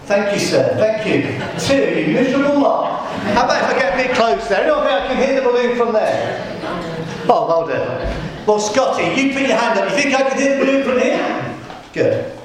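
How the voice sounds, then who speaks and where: A man preaching a sermon to a congregation, telling jokes and stories in a playful, lively way. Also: very high voice, moderate pace, crowd noise. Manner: jokey, lively storytelling. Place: church. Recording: echoey church room.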